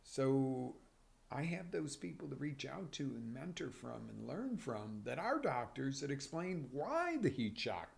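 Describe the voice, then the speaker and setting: A man hosting a live motivational coaching show, talking with energy and swinging from near-whispers to loud bursts. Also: medium pitch, measured pace, vocal fry. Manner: energetic, animated, drops to whispers then surges loud. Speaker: life coach and show host. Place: broadcast live on social media.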